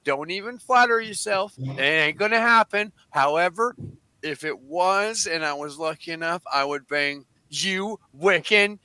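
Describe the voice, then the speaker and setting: High-voiced loud joking American man. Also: animated, unhurried, smooth, no echo. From United States. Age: 40s. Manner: loud, crude joking banter. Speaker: stream guest. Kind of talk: casual chat.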